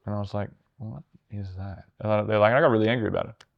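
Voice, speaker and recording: A man, a startup founder, telling animated stories in casual conversation, swearing and mimicking others' voices. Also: lowish voice, rapid-fire, creaky, lo-fi sound. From Australia.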